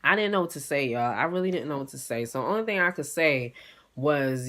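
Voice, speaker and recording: A young woman, telling an animated, profane storytime straight to her viewers. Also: deep voice, brisk. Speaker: vlogger. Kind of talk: casual storytime.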